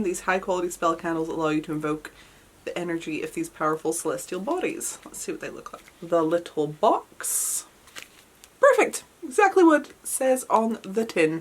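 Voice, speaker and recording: A British woman chats through an unboxing, her voice bouncing from low murmurs up to high squeals. She gushes over every little item with oohs and delighted exclamations. A recent cold has left her voice a little worn. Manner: excitable and gushing, frequent oohs and squeals. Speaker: vlogger. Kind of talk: unboxing vlog chat.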